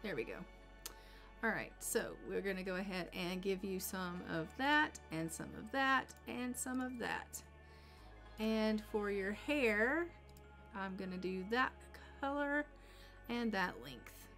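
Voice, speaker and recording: A woman's voice: medium pitch, takes it slowly, a bit bright, soft background music. A woman casually commenting on her life-sim gameplay, chatting to her characters as she plays. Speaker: gameplay streamer.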